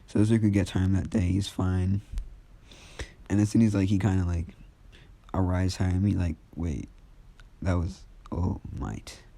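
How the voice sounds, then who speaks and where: A young man casually retelling a fan story in a rambling, filler-heavy way. His voice is low and very dark, mellow rather than bright. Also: level tone, normal speed, pauses often. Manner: rambling, full of fillers and restarts.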